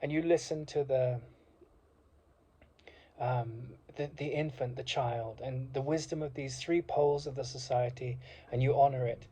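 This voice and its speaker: A man's voice: medium pitch, steady tone, a little slow, warm tone. A man delivering an impassioned, rambling monologue with many fillers and restarts. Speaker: speaker. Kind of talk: reflective monologue. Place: university degree course alumnus, speaking informally.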